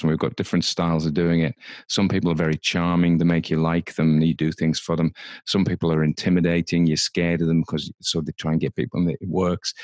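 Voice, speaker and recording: A man's voice: low voice, darkish tone, dry recording. A man guesting on a podcast as a psychiatric nurse, talking casually in an easygoing, agreeable way. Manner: easygoing, agreeable, frequent chuckles. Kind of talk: casual conversational chat.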